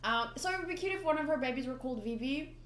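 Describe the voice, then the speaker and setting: A young woman rambling casually at home, full of ums and little laughs, reading through a comic for her channel. Her voice is a touch high, and the room gives it a clear echo. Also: lively intonation, quick pace, a bit bright. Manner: rambling, lots of ums, giggly asides. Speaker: manga reader and channel host. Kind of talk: casual chatty readthrough. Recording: roomy echo.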